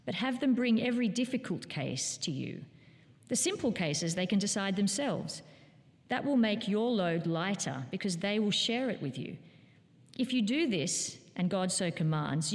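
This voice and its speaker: A woman reading a Bible passage aloud in a church, at a steady, measured pace. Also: fairly low pitch. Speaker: scripture reader. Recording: long church reverb.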